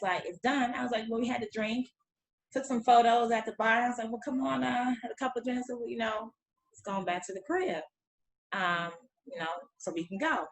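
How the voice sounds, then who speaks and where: A woman tells a story in casual chat, acting out the voices and laughing along. Her voice sits on the higher side. The room is echoey, with faint noise behind her. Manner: animated, acts out quotes, laughs often. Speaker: guest.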